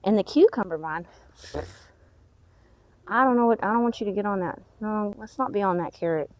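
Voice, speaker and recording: A woman's voice: medium pitch, normal speed. A woman gives a casual walk-through of her backyard garden, chatting and muttering at her plants as she goes. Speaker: gardening vlogger.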